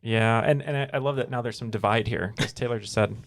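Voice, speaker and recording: A man co-hosting a trivia podcast in a studio, bantering with quick playful asides. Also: mid-range voice. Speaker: trivia podcast co-host and contestant. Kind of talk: jokey casual chat.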